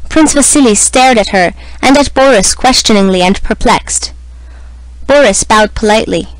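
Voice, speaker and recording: A woman reading a classic novel aloud as scripted narration, in a measured, even manner. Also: on the high side, dry recording, poor audio. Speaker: audiobook reader.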